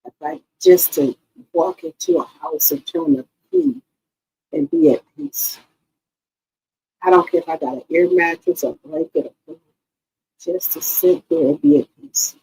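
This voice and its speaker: A woman's voice: lowish voice, sing-song, unhurried, gravelly, long pauses, dark tone, slightly rough, low-quality recording. A woman hosting her own channel, talking to her viewers in an emotional, casual way and repeating herself often. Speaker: YouTube channel host. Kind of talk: casual heartfelt talk to viewers.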